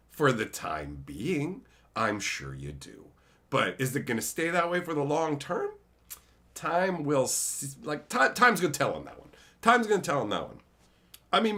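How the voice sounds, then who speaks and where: A man's voice: a little high, moderate pace. A man in his thirties chatting casually on a stream, sarcastic and jokey. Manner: animated, jokey, sarcastic, swings into funny voices. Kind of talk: casual chat.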